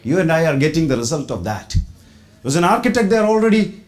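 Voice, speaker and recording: A middle-aged man from India giving a sermon testimony, telling his story with loud quoted lines and low asides. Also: very animated, a little fast.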